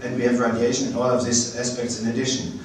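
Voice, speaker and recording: A man giving a public lecture with slides, speaking hesitantly with many pauses and restarts. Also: medium pitch, level tone, slight background noise. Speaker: space agency director giving a public lecture. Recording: very echoey hall, mic at a distance.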